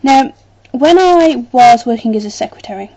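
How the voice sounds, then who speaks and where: A woman's voice: a little high, lively intonation, normal speed, warm tone. A woman with a British English accent chatting casually to camera as a vlogger, rambling a little with plenty of ums.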